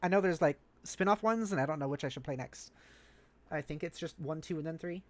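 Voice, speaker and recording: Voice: medium pitch, brisk, no room sound. Chatty streamer reading aloud. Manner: chatty, rambling, lots of "like". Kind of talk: casual read-along of a webcomic.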